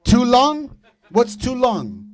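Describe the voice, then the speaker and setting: A man in his thirties hosting a comedy show, doing loud, profane, teasing crowd work from a club stage. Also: very high-pitched, huge pitch swings, slow.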